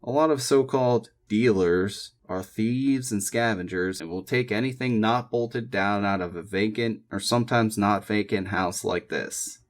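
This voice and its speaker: A man's voice: on the low side, measured pace, few pauses, lightly acted. A man voicing a polite, slightly shy female real estate agent in an audiobook reading. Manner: reads property details in a list.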